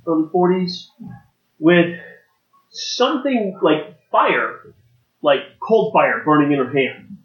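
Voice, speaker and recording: Male game master, slightly high voice, rambling narration; roomy, dull recording. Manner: loose, rambling narration with restarts. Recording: echoey room, dull lo-fi sound.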